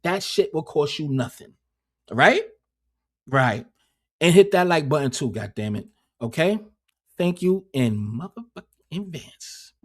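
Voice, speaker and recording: A man's voice: fairly high pitch, animated, unhurried, long pauses, fairly bright tone. A man hosting a casual livestream, rambling and swearing heavily, often repeating words as he talks. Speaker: livestream host.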